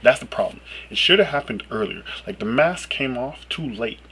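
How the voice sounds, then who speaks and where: A man's voice: lively intonation, moderate pace, pushed and bright, slightly rough, poor audio. Exasperated man ranting to camera. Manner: emphatic, swears a lot, pitch jumps up when exasperated. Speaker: video blogger. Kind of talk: profane ranting monologue.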